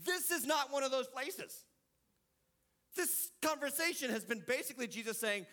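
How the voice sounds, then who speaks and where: Man, preacher, high voice, bright tone, conversational sermon, emphatic build-ups. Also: expressive, moderate pace. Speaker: pastor.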